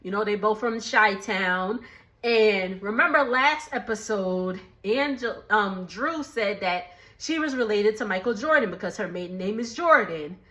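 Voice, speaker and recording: Here the recap vlogger's voice sits mid-range, expressive, bright and pushed, with a slightly slow pace. Still in her kitchen dining area, the young woman casually goes over a TV episode, laughing a lot and using slang in a chatty way.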